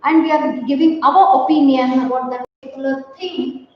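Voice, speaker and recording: A woman teaching a grammar lesson to students, speaking slowly and deliberately and repeating key words. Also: high voice, steady tone. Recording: roomy, echoey, distant, dull audio.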